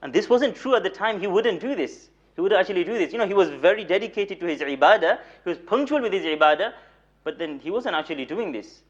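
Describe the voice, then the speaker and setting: Fast-talking young moulana on a dull recording. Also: male voice, high voice. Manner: animated storyteller, repeats words for emphasis, light humor; recites Arabic rapidly. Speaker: moulana giving a weekly lecture. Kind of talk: mosque lecture with storytelling. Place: mosque.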